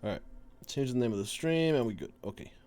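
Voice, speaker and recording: A man's voice: medium pitch, lively intonation, quick pace, darkish tone. A male streamer chatting casually through a live game session. He curses freely and stumbles when he reads lines aloud. His voice sits in an everyday middle range. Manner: casual, swears often, stumbles while reading aloud.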